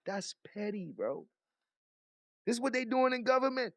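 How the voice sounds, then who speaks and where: A man's voice: very high-pitched, expressive, normal speed, long pauses, a bit bright, no echo, clean studio sound. A man giving casual reaction commentary, incredulous and mocking, swearing and laughing as he talks. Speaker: commentary vlogger.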